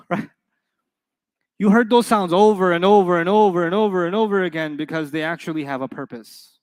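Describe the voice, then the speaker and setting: A middle-aged man with a high voice teaches a live class. He is playful, keeps throwing questions at the students and often answers them himself. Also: a little fast, clear, resonant tone, long reverb tail. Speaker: Arabic teacher.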